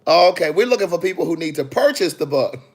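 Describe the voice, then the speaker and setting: A man, an author, chatting on a phone livestream in a sassy, animated way, talking straight to his viewers. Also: on the high side, quick pace, slight background noise. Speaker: author hosting a live video. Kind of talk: casual livestream chat. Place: in the city after a book event.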